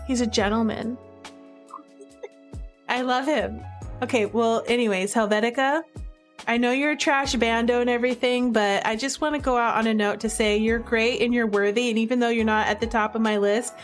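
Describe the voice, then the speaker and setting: A woman's voice: on the high side, steady tone, moderate pace, faint music behind. A woman chatting casually as a game reviewer, gushing and giggly with lots of fillers. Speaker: video creator reviewing games. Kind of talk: enthusiastic casual commentary.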